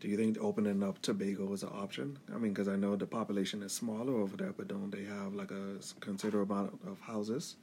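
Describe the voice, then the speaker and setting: A man with a low voice in a casual podcast chat. He talks persuasively and lays out his ideas step by step. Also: level tone, fast, hardly any pauses, a little mellow, slight background noise.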